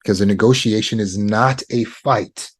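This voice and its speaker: Calm, low-voiced man teaching. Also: slightly rough. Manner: calm, measured, deliberate pauses. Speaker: trauma recovery coach. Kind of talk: teaching talk on negotiation.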